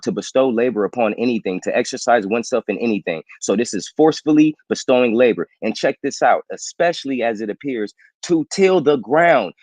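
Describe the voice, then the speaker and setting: A man's voice: medium pitch, a little mellow, no room sound, muffled recording. A man presenting his side of a debate, instructive, reading out definitions. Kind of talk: argued scripture presentation.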